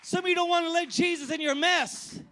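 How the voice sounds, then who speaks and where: A man preaching a lively sermon as pastor at a church service, often shouting and using casual slang. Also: very high-pitched, fairly quick. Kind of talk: energetic sermon.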